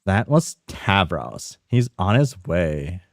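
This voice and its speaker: A man's voice: low voice, big pitch swings, slow, gravelly, dry recording, clean studio sound. A man reading a webcomic aloud on a stream, musing and swearing freely as he reacts.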